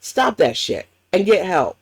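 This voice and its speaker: A woman's voice: lowish voice, very animated, measured pace, darkish tone, slightly rough, no room sound. A woman hosting a reaction commentary, ranting bluntly and swearing often. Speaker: commentary channel host.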